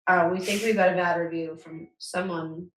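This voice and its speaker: A woman's voice: on the low side, fairly even intonation, normal speed, echoey room, a little hiss or hum, rough recording. A woman co-hosting a podcast in casual, heartfelt chat, emotional and rambling, full of "like" fillers. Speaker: podcast co-host.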